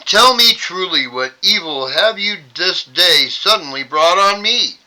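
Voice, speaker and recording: A man's voice: high-pitched, lively intonation, a little slow, sharp tone, full character voice, rough recording. A man reading aloud as a grieving old father who laments the loss of his son, in a mournful, lamenting tone. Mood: urgent.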